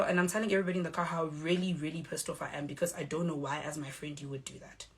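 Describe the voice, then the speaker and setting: A young woman with a South African accent speaks straight to the camera in a slightly low voice. She is measured and firm as she recounts events, switching now and then into short quoted exchanges. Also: fairly even intonation. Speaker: reality show cast member. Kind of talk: direct-to-camera statement.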